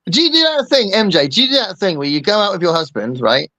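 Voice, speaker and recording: A man's voice: sits high, sing-song, fast talker, bright, forceful tone, no room sound, highs cut off. A man hosting a casual chat, rambling and joking with lots of fillers. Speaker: host.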